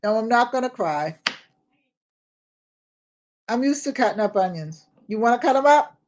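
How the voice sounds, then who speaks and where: A woman's voice: fairly high pitch, lively intonation, normal speed. An older woman chatting casually with live viewers in her home kitchen, rambling and greeting them by name. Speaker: home vlogger. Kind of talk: casual live-stream chat while cooking.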